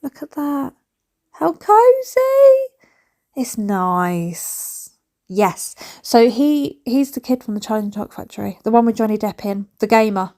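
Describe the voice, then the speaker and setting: A woman chats away in a home vlog, rambling and excitable as she tidies a bedroom. Her voice sits at an ordinary middle pitch. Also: normal speed. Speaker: home vlogger and mother.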